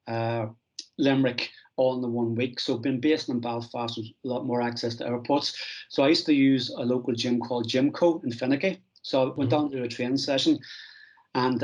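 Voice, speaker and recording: A middle-aged man, a strength and conditioning coach, telling animated anecdotes in an interview, with restarts and "I goes" along the way. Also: mid-range voice. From Ireland. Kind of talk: conversational storytelling interview. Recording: dull lo-fi recording.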